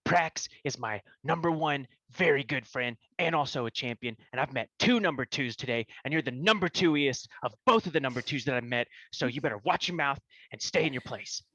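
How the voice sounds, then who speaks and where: A man's voice: medium pitch, expressive, fairly quick, bright, forceful tone, dry recording. A man voicing a brash, boastful horned and winged adventurer who taunts a rival in a tabletop game. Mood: taunting. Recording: dull dry mic.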